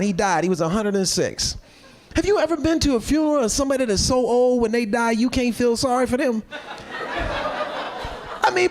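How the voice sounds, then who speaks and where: Male stand-up comic with a very high, gravelly voice, slangy and loud, live club mic with crowd noise. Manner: loud, shouting punchlines; casual slang, drawled asides. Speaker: stand-up comedian. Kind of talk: stand-up comedy set. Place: comedy club stage.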